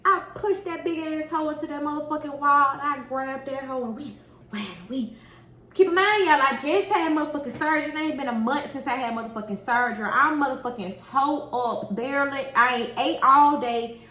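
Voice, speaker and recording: A woman who works as a nail technician telling a story in a casual, animated way, swearing often and acting out what people said. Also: high-pitched, brisk. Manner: animated, profane, acts out quoted dialogue. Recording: echoey room with faint noise.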